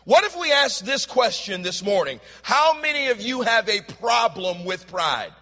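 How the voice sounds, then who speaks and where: A man preaching with a very high, bright voice, taking his words slowly and with weight. He moves between ringing shouts and near-whispered asides. The sound is dull and lo-fi, with a long reverb from a large hall. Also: big pitch swings. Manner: preaching with dramatic swings from loud shouts to hushed tones. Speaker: pastor. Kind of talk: sermon.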